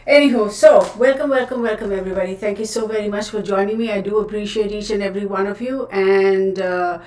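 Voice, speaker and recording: A woman's voice: mid-range voice, fairly even intonation, brisk, a little mellow. A woman hosting a casual livestream, chatty and scattered, often laughing at herself. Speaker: tarot livestream host. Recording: roomy, distant camera audio.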